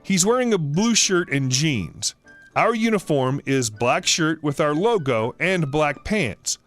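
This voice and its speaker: A man voicing a polite, measured male restaurant manager who stays firm. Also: fairly high pitch, expressive, fairly bright tone, faint music behind.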